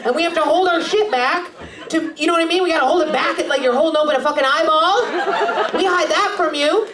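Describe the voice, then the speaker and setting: A woman stand-up comedian doing crude, brash crowd work on a club stage, with quick asides to the audience. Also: high voice, distant mic. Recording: roomy club sound, crowd laughter.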